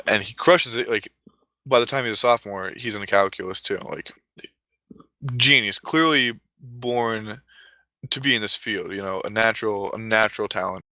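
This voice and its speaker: A man's voice: on the low side, pushed and bright, dry recording, poor audio. A man telling a comic story casually, rambling with offhand asides.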